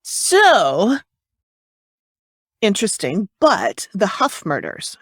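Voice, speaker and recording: A woman's voice: medium pitch, wildly swooping pitch, drawn-out words, a bit bright, dry recording, clean studio sound. A woman co-hosting a casual true-crime podcast, chatty and hesitant, with frequent fillers and restarts. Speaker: podcast co-host.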